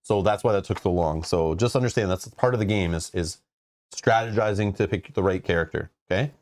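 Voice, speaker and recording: A man hosts a casual board game livestream in a somewhat low voice. He rambles easily and often restarts his sentences as he goes. The talk stays loose and chatty. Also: a little fast. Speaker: host of a board game channel.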